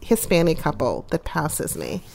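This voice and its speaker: A woman co-hosting a casual podcast chat, spinning a story with mock drama and self-mockery. Her voice sits on the low side, and she talks slowly and deliberately. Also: huge pitch swings, gravelly, a little mellow, a little hiss or hum. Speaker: podcast co-host.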